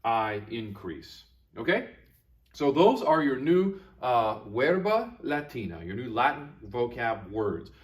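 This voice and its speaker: A male teacher recording a video lesson for young students. His pitch rises and falls a lot as he explains, and he repeats each word slowly and patiently. His tone is encouraging and friendly toward the class. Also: sing-song. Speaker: Latin teacher.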